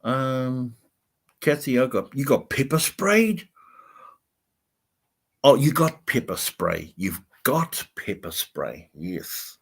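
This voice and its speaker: A chatty man hosts a livestream, reading viewer comments aloud and answering them. He rambles loosely with lots of fillers and breaks into laughter often. His voice sits at a middle pitch. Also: big pitch swings, slow pace, vocal fry, long pauses, slightly rough. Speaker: vlogger host.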